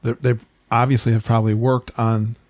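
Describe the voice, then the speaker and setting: A man hosts a casual podcast chat, chatty and quick to laugh. His pitch sits mid-range. The sound is dry and close. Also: level tone, darkish tone, no echo. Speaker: podcast host.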